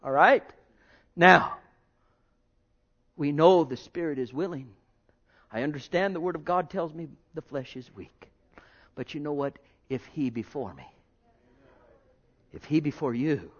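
A man pastor preaching a sermon to his congregation, swinging between loud exhortation and hushed, intimate tones. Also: a little high, lively intonation, measured pace, long pauses, muffled recording.

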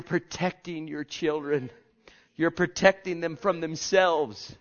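A male preacher with a somewhat high voice delivers a fervent sermon. He drifts between soft, intimate murmurs and loud, ringing exhortations. The recording is dull and lo-fi. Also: steady tone, takes it slowly.

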